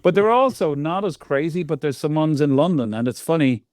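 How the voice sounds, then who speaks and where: An Irish man in his sixties, a guest on an interview show, telling lively stories full of laughs and quoted voices. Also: a little high, fairly quick, dry recording. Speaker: guest lighting designer. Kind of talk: casual interview storytelling.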